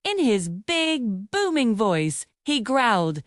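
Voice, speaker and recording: A woman reading a bedtime story aloud in a gentle, expressive way. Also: fairly high pitch, unhurried, no room sound, clean studio sound.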